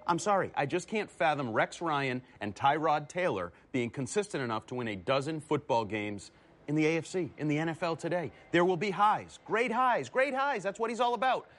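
Cocky, lively-voiced male sports host. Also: a little fast. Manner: cocky, needling, swings pitch for emphasis. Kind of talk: opinionated sports commentary.

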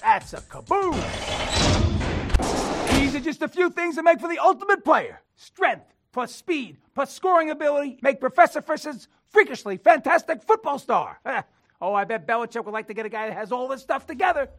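A man's voice: extremely high pitch, animated, a little fast, fairly bright tone, faint music behind. A man presenting a scripted, playful science lesson for kids. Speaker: kids' show science segment host. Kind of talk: scripted educational narration.

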